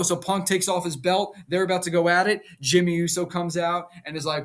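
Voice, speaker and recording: A young man casually recapping a wrestling show, rambling and repeating words, jumping up in pitch when he acts out quotes. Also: steady tone, normal speed, a bit bright. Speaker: wrestling reaction vlogger.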